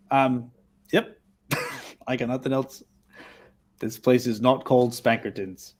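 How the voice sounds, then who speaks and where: A man playing a tabletop role-playing game who jokes a lot and reacts with excitement. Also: mid-range voice, takes it slowly, long pauses, breathy edge. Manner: excitable, joking, laughs often. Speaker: player. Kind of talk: casual tabletop play.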